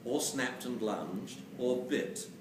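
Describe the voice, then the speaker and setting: A man giving a lively, jokey lecture on dog training to a live audience, acting out quotes as he goes. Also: medium pitch, slow pace. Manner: animated, jokey, acts out quotes. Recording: roomy, distant camera mic with hiss.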